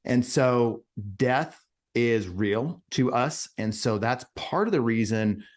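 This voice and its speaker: A man's voice: mid-range voice, lively intonation, slow. A man hosting a podcast, speaking in an earnest, reflective way in casual conversation. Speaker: podcast host.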